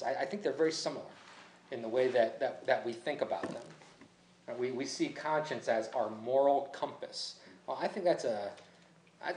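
A man's voice: medium pitch, a little mellow, reverberant, slight background noise. A man preaching a sermon as a pastor, in a conversational, musing way that often restarts and corrects itself.

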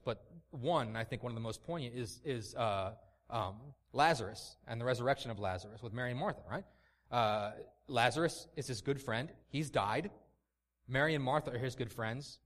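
A man's voice: mid-range voice, brisk. A man preaching a sermon in an impassioned, emphatic way, often repeating words as he builds a point.

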